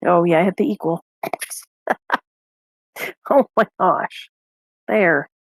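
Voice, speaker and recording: A woman's voice: on the low side, slow pace, no room sound. A woman chatting casually as a player in a tabletop game.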